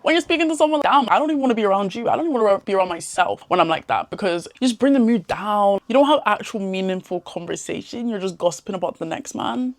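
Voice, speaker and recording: Fast-talking young woman. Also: mid-range voice, lively intonation, no room sound. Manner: chatty and slangy, laughs often. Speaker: self-improvement vlogger. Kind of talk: casual advice talk to camera.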